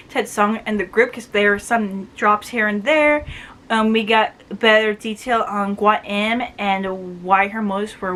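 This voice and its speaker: Female book vlogger, bright and forward tone, gushing and chatty, leans on "like" a lot. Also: a little high. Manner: excitable, gushing, peppered with "like". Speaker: book reviewer. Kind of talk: casual spoiler-filled book review.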